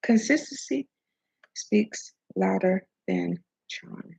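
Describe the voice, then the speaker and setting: A woman's voice: mid-range voice, takes it slowly, vocal fry, a little mellow, breathy edge, rough recording. A woman talking casually and preachily about self-worth and love, swearing now and then, with food in her mouth. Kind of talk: casual motivational talk.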